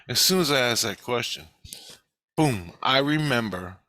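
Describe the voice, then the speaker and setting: A man's voice: mid-range voice, unhurried, sharp tone, dry recording. A middle-aged man rambling through a blunt, profane personal monologue about his spiritual life. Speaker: spiritual vlogger.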